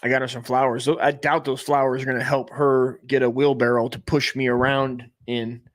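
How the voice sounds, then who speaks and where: A man in his forties from the United States who keeps up a rambling, profane comic monologue, full of excitable restarts and tangents. His voice sits at an ordinary middle pitch for a man. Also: brisk. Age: 40s. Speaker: comedy stream host.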